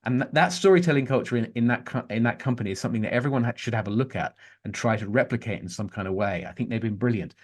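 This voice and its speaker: A middle-aged man, a journalist guest on a podcast who tells animated stories and restarts his sentences often. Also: mid-range voice, racing, hardly any pauses. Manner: animated storyteller, frequent restarts. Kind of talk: conversational interview.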